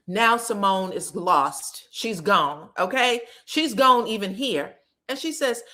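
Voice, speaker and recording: A woman's voice: fairly high pitch, expressive, slow, sharp tone. A woman recapping a reality show in a casual, blunt, profane, mocking way.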